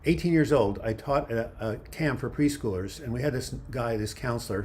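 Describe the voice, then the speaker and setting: A man's voice: mid-range voice, normal speed, darkish tone, slight background noise. A man in his seventies hosting a casual livestream outdoors, rambling as he reads viewer comments aloud into a phone held in one hand. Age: 70s. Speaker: livestream host. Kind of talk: casual livestream chat answering viewer questions. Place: outdoors by a river waterfront.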